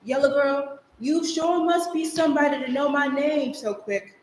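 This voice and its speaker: A woman's voice: sits high, normal speed, a little mellow, a little hiss or hum, lightly acted. A woman doing a cocky scruffy street boy. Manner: brash, teasing street talk. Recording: echoey live stage recording.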